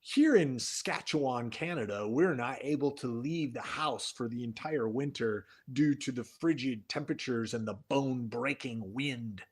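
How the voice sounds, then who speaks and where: A man voicing an earnest, lonely rural man in an improvised comedy scene, speaking slowly and softly. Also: medium pitch, natural voice.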